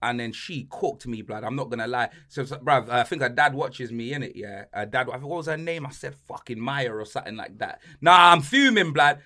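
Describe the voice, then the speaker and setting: A young man with a London accent hosting a podcast, telling stories in an animated way packed with slang. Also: mid-range voice, a little fast, hardly any pauses. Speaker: podcast host. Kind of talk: casual podcast chat.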